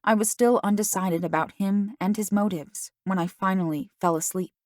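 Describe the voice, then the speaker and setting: A woman's voice: mid-range voice, normal speed, a little mellow, no room sound, clean studio sound. Woman narrating a first-person audiobook.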